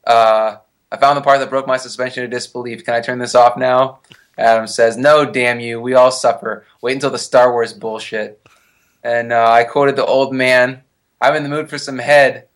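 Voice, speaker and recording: A man's voice: medium pitch, fairly even intonation, moderate pace. A man co-hosting a podcast in casual chat, recapping a movie in a dry, mocking, profane way. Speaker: podcast co-host.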